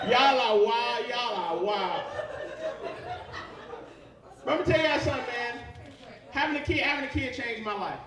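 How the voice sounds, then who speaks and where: A man's voice: very high voice, slow, pauses often, roomy sound, far from the mic. A young man doing live stand-up comedy, profane and rambling as he works the crowd. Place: comedy club stage. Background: audience laughter.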